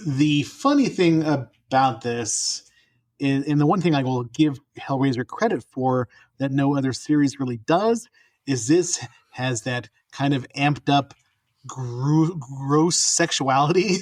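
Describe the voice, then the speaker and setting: A man's voice: mid-range voice, no room sound, studio quality. Middle-aged guy from new mexico chatting on a movie podcast, rambles, laughs a lot, restarts his sentences. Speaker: podcast co-host. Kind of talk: casual chat.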